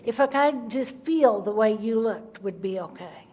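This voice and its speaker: A woman giving her Al-Anon recovery testimony, telling her story in an animated way and acting out the people in it. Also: on the high side, unhurried. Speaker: Al-Anon speaker.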